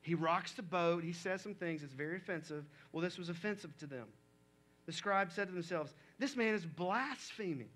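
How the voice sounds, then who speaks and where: A man's voice: on the high side, fairly quick, fairly bright tone. A male pastor preaching a sermon in a conversational way, reading scripture aloud and talking it through.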